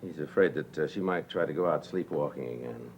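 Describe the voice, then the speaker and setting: A man's voice: a bass voice, brisk, creaky, a little hiss or hum, low-quality recording. An actor playing an anxious painter and father who hesitates and frets. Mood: worried. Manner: hesitant, many uh's, fretful.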